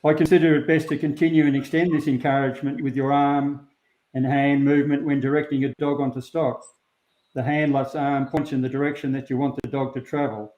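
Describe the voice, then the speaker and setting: A man's voice: mid-range voice, level tone. Plain-spoken Australian man, roomy lo-fi sound. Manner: unhurried, plain-spoken, many ums. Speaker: sheepdog handler, guest. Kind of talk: relaxed interview talk.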